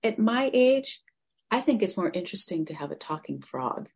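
A woman's voice: mid-range voice, sing-song, moderate pace, a little mellow, slightly rough. A woman doing a wry older man. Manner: wry, matter-of-fact. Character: older man, dry, amused, unhurried.

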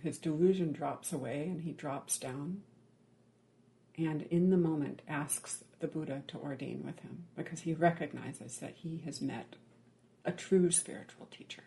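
A meditation teacher with a gravelly voice gives a Buddhist dharma talk at a mid-range pitch. The delivery is measured and full of pauses, with frequent "right?" check-ins. Key words soften to a near-whisper.

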